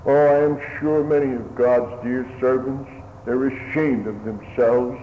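A man's voice: medium pitch, steady tone, unhurried, a little hiss or hum. A man preaching a solemn, old-fashioned sermon to his hearers. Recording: phone-like radio broadcast in a reverberant hall.

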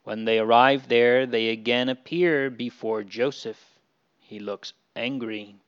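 A man slowly reads a Bible story aloud to children. His voice is smooth and clear, but the recording sounds dull and lo-fi. His delivery is gentle and unhurried. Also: mid-range voice, fairly even intonation.

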